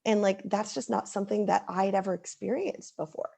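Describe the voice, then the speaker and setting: A woman in her thirties talks as a guest in a casual interview. She speaks earnestly, with plenty of likes and ums, and her voice carries a gravelly, creaky texture. Her pitch sits in a middle range for a woman. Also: brisk, dark tone. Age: 30s.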